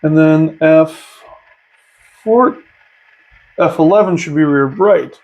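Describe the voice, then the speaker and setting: A man with a somewhat high voice walks through a hobby setup in a casual tutorial. He talks chattily and with real enthusiasm, thinking out loud as he goes. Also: slow, lo-fi sound. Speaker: model train hobbyist host.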